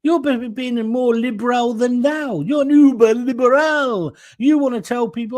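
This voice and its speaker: A man's voice: extremely high pitch, moderate pace, few pauses, darkish tone. An older man from England hosting a political talk show, delivering a blunt, opinionated monologue with sarcastic asides. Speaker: host.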